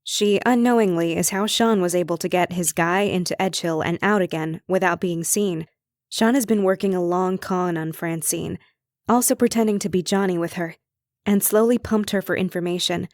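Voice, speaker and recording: A woman's voice: lowish voice, normal speed, a little mellow, dry recording, studio quality, close to an everyday voice. A woman narrator speaking as a young witch heroine in an earnest, urgent way.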